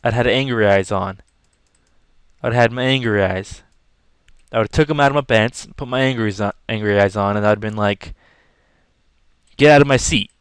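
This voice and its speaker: A young vlogger speaks at a moderate pace in a fairly low, clear, resonant voice, telling a loose, casual story to camera as he draws. He gets animated and acts out scenes, yelling along the way, in a dry recording.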